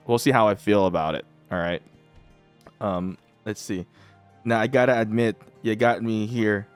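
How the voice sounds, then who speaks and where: A man's voice: on the low side, steady tone, normal speed, clean tone, faint music behind. A man giving casual commentary while playing a mobile strategy game, chatty and teasing, often breaking into laughter.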